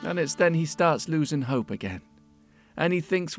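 Expressive male storyteller over soft guitar. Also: a little high, normal speed. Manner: lively and expressive, repeats phrases. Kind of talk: oral storytelling.

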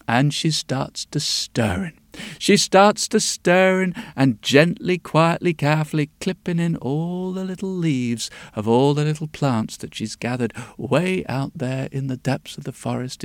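A man telling a folk tale in a rhythmic, lilting way, dropping to hushed tones at times. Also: fairly high pitch, expressive, measured pace, gravelly, no echo. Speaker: storyteller.

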